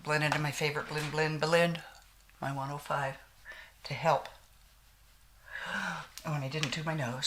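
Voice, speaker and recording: A woman's voice: low voice, fairly even intonation, a little slow, long pauses, a bit bright, slight background noise. A woman, chatting casually and telling folksy stories while doing her makeup, with a slight lingering cough. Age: 60s. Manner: chatty storyteller with frequent laughs and folksy sayings. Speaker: beauty vlogger.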